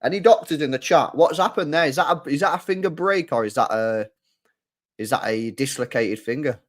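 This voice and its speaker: Young man, football watchalong streamer, excitable, loud reactive outbursts. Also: medium pitch, a little fast. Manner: excitable, shouting groans of disgust. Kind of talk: live football watchalong commentary.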